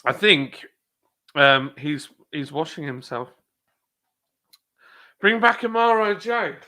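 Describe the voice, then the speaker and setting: A man hosts a relaxed live chat, talking loosely and joking at his own expense while he greets viewers. His voice has a gravelly edge with a bright, forward tone. He rambles through his points with plenty of ums and half-finished sentences. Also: mid-range voice. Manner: chatty, self-deprecating, rambling with many fillers. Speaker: brewery livestream host. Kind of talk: casual live chat reading comments.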